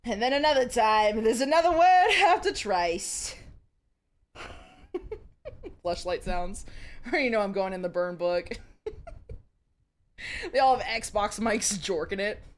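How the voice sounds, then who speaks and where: A woman's voice: medium pitch, expressive, measured pace, pauses often. A young woman streaming live, reading a romance novel aloud to her chat with giggly, chatty asides.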